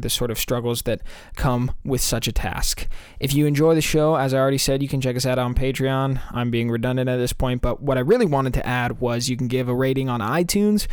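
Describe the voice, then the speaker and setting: A young man, a college student, hosting a podcast and telling stories in an animated, casual way. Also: clear, resonant tone, no echo, clean studio sound. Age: young adult. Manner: animated storytelling, rising pitch when excited. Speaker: podcast host.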